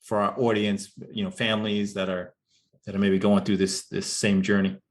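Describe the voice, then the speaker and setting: A man co-hosting an interview, asking gentle, halting questions. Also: lowish voice, little pitch movement. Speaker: co-host. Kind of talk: podcast interview.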